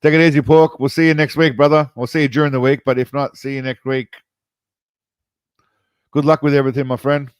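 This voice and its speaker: Casual joking streamer, dry close sound. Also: male voice, medium pitch, little pitch movement, fairly quick, long pauses, clean tone, dry recording. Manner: loose, joking, swears casually. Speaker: streamer reacting to a video. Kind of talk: casual live-stream commentary.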